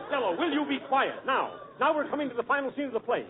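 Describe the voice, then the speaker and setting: A man's voice: very high-pitched, very animated, fast, over a noisy crowd, very noisy. A man playing an exasperated, bossy straight man in a 1940s radio comedy. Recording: tinny old radio broadcast with audience.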